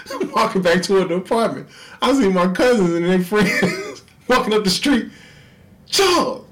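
A man's voice: sits high, expressive, moderate pace, a little hiss or hum. A man, hosting a podcast and telling profane stories in a casual chat, laughing often. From Houston, Texas. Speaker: podcast host.

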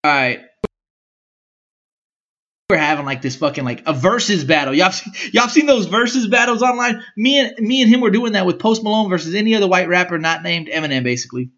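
A young man telling a rambling, profane story in a casual, animated way, often doing impressions of other people. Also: sits high, brisk, highs cut off. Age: young adult.

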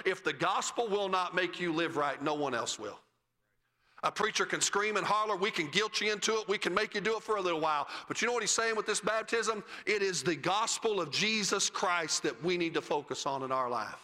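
High, bright-voiced preacher man. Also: long reverb tail. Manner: preaching cadence, rising to shouts and dropping low at phrase ends. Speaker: pastor. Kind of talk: sermon. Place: church sanctuary.

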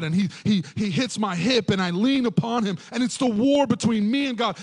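A middle-aged male pastor delivering a sermon in a fairly high voice. He is animated and jokey, acting out short voices and laughing between points.

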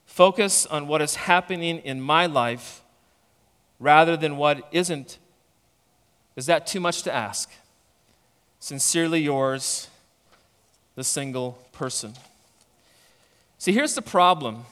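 A man preaching a sermon as a pastor, speaking earnestly and deliberately. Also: fairly high pitch, fairly bright tone, clean tone. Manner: earnest, slow and deliberate, reading a letter aloud. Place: church sanctuary. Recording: long reverb of a large hall.

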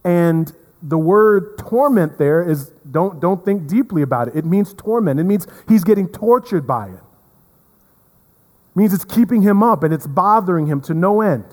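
A man preaching a sermon as pastor, earnest, repeating words and swinging from emphatic to hushed. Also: sits high, expressive, a little slow. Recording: long reverb of a hall.

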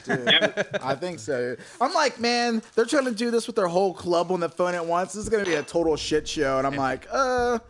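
A man's voice: high voice, big pitch swings, normal speed, hardly any pauses, fairly bright tone, a little hiss or hum. A man co-hosting a radio show, laid-back and slangy, calling everyone dude. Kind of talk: casual radio chat.

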